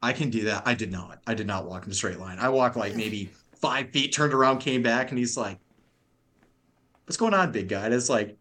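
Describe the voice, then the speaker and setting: A man's voice: mid-range voice, brisk, few pauses, pushed and bright. A young adult man on a podcast, telling a long story in rambling, profane, laugh-filled casual chat.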